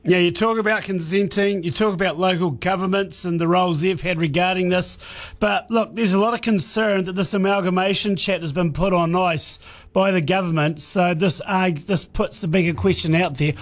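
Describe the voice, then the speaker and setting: Blunt joking New radio host. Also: male voice, sits high, fairly even intonation, normal speed, no room sound. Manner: blunt, joking, direct questions. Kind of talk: rural radio interview.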